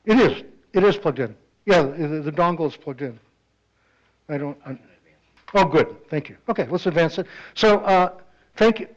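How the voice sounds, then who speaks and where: Man, guest speaker, meeting hall, chatty joke-teller, slightly high voice, dull lo-fi sound. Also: lively intonation, moderate pace, pauses often. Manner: joke-telling, chatty, self-interrupting. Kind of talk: community meeting presentation. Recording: dull lo-fi audio.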